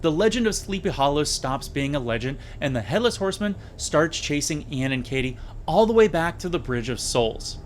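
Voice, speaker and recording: A man's voice: a little high, lively intonation, normal speed, few pauses, slight background noise. A man casually reviewing an old episode with sarcastic, jokey asides. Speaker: video reviewer.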